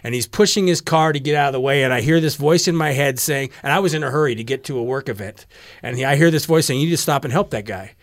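A man's voice: mid-range voice, fast talker, no room sound, studio quality. A man co-hosting a faith discussion, relating his own experiences in a conversational, anecdotal way.

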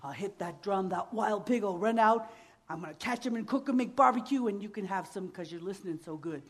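A woman voicing a greedy, cheerful male hunter who talks in a lower, gruff voice. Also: animated, a little fast, lightly acted. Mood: gleeful.

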